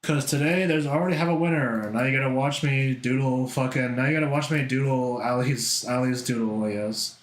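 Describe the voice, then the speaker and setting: A man's voice: mid-range voice, fairly even intonation, brisk, few pauses, reverberant, a little hiss or hum. A man chatting casually while drawing on a livestream, rambling, swearing a lot and laughing often. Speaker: art streamer.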